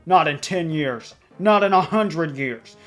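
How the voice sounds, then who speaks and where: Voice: mid-range voice, expressive, a little slow, faint music behind. A game streamer voicing a boastful male monster king taunting the hero. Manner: loud, taunting.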